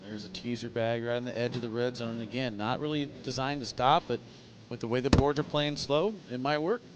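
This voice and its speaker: A man's voice: medium pitch, steady tone, a little fast, dull audio, very noisy. A man doing live play-by-play commentary, chatty and joking between calls. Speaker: sports commentator.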